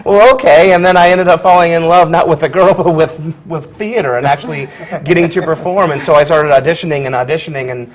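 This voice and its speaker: A man who teaches high school drama, from Virginia, talking casually in an interview with lots of fillers and laughs. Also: steady tone, fast talker, few pauses, poor audio. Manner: chatty, laughs often, many fillers and restarts.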